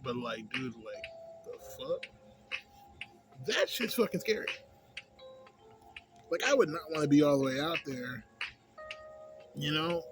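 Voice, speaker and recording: A man's voice: on the high side, animated, a little slow, long pauses. A man casually rambling through a movie review, slangy and profane, full of filler tags. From a city. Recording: music playing loudly behind.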